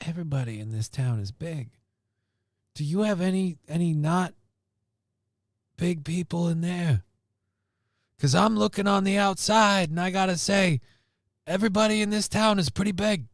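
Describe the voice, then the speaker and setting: A man's voice: sits high, normal speed, pauses often, dry recording, studio quality. A man hosting a live stream, riffing sarcastically and rambling through news stories in casual commentary.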